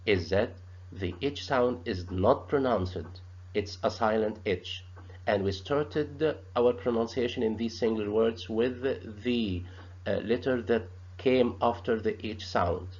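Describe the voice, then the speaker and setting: Slow, halting male teacher. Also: lowish voice, darkish tone. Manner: slow, halting, repeats sounds and words. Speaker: English teacher. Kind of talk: grammar lesson. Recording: dull lo-fi sound.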